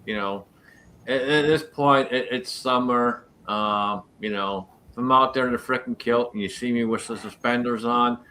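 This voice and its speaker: A man with a bright, forceful voice and a mid pitch talks frankly on a live stream. He speaks bluntly and drops casual swear words, with no interest in softening things. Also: normal speed, slight background noise. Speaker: co-host of a shooting livestream.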